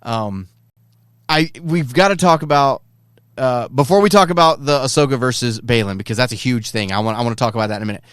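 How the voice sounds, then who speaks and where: Excited male podcast co-host, smooth voice. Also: medium pitch, brisk, dry recording, clean studio sound. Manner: excited fan, acts out quoted lines. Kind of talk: casual chat.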